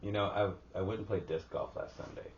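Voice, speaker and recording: A man's voice: low-pitched, a little fast, gravelly, far from the mic. A middle-aged man co-hosting a podcast with his wife, telling profane stories in casual chat. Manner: profane storytelling, swears freely. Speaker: podcast co-host. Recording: dull lo-fi sound with faint background hiss.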